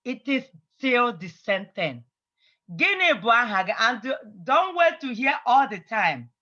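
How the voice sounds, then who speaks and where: Teacher drilling phrases, bright crisp tone, muffled online class audio. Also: medium pitch, big pitch swings. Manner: patient, repeats phrases slowly for drilling. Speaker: language teacher. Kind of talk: online language lesson.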